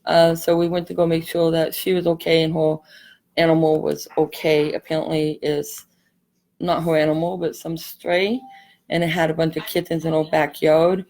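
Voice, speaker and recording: A woman's voice: sits low, level tone, normal speed, darkish tone. A woman hosting a live craft tutorial, chatting in a rambling, apologetic way as she works. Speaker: craft channel host.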